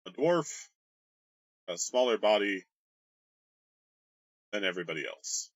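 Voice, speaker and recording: A man's voice: fairly low pitch, big pitch swings, unhurried, long pauses, dry recording. Jokey man explaining his campaign world. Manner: rambling, jokey, crude humor. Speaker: game master.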